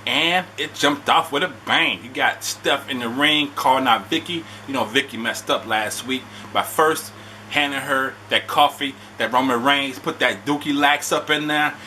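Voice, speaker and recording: A man in a casual vlog, recapping a wrestling show in animated, slangy talk. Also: mid-range voice, moderate pace, a little hiss or hum.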